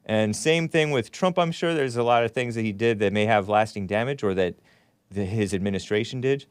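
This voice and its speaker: A man's voice: fairly low pitch, fairly quick, smooth, no room sound. A man hosting a solo commentary show, rambling and opinionated as he reads out articles and viewer comments. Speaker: host.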